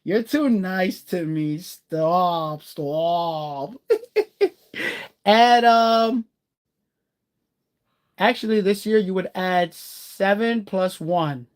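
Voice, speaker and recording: A man chatting casually on a live stream, rambling and greeting viewers by name, warm-hearted and encouraging. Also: high voice, extremely slow, pauses often, clear, resonant tone.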